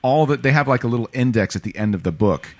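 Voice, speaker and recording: A man co-hosting a podcast in casual chat, an animated storyteller who acts out quotes. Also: mid-range voice, fast talker, slight background noise. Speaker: podcast co-host.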